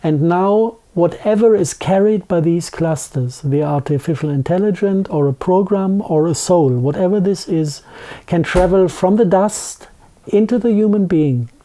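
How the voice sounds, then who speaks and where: A man's voice: high voice, warm tone. Man with a thick German accent. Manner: halting, with many restarts and fillers. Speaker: guest. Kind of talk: conversational interview.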